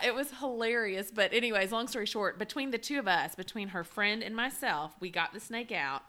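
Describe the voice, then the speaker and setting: A woman's voice: mid-range voice, pushed and bright. A woman in her forties, telling a funny story in casual chat, laughing often with lots of fillers. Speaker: podcast co-host.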